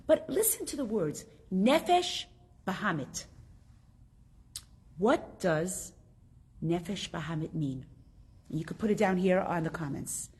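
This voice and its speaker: A woman leads a class in a lively way. She tells stories and stops often to put questions to her students. Her voice sits at a middle pitch. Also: slight background noise. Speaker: Torah class teacher. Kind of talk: storytelling and teaching a class.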